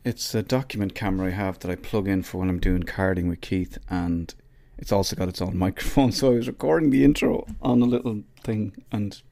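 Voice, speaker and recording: In a dry, studio-quality recording, an Irish man hosts a solo podcast in a low, gravelly, warm voice. He talks a little fast with hardly any pauses, rambling, restarting often, and poking fun at himself.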